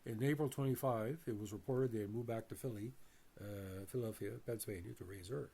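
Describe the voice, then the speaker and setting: Halting man hosting a movie review. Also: on the low side. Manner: halting, frequent "uh" fillers and restarts; addresses viewers as ladies and gentlemen. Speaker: movie review channel host. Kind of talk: reading a bio then offering opinions.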